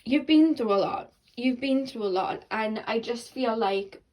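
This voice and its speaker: A woman's voice: a little high, measured pace, a little mellow, low-quality recording. A young woman giving a casual, earnest tarot reading to her viewers, rambling with fillers and restarts, at times tearful. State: tearful and emotional. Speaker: tarot card reader.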